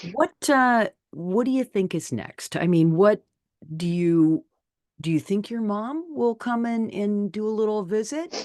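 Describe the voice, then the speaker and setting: A podcast host in a casual interview chat, speaking slowly and earnestly about faith and hope. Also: medium pitch, expressive, a little mellow, no echo, clean studio sound. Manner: slow, earnest, spiritual musing.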